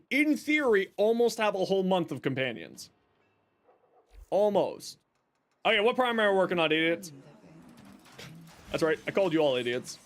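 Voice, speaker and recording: A male streamer with a bright, high-sitting voice chats casually to his viewers while playing. He rambles, talks to chat, and jokes at his own expense.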